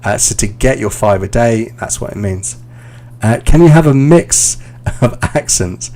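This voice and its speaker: Here the same kind of speaker, a man in his thirties from London with the local accent, runs a relaxed, talkative English lesson on a live stream, fielding viewers' questions as they come. He sounds warm and expressive at a medium pitch, speaking a little slowly.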